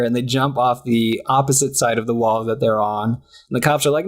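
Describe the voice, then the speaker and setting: A woman's voice: rumbling low, steady tone, normal speed, hardly any pauses. A woman co-hosting a casual podcast, chatting through a cartoon episode and acting out the characters' lines with giggles. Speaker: podcast co-host. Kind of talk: casual chat recapping a cartoon.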